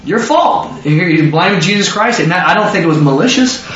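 A man's voice: high-pitched, animated, fairly bright tone, faint music behind. A man teaching a Bible study sermon, firing questions at listeners and waiting for their answers. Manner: quizzes listeners with rapid questions. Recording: echoey dull room recording from far off.

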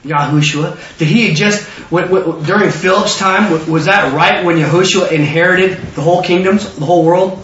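Animated high-voiced male preacher, roomy hall. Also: moderate pace, hardly any pauses, a little hiss or hum. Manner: animated, acts out biblical figures in excited voices. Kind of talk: sermon. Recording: roomy, distant, dull lo-fi sound.

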